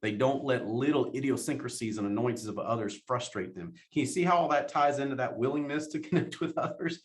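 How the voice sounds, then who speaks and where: A man giving a motivational talk, animated, laughing often and repeating his questions for emphasis. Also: mid-range voice, brisk. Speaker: motivational speaker.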